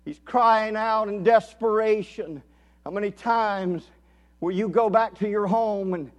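A man preaching a sermon at a men's conference, impassioned, swinging from hushed, intimate passages to loud pleading. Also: high voice, a little slow, lo-fi sound. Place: conference hall.

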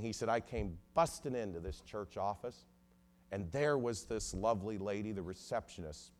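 Lower-voiced man telling a sermon story. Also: animated, moderate pace. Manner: storytelling with sudden swells and drops in loudness. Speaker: ministry lawyer preaching.

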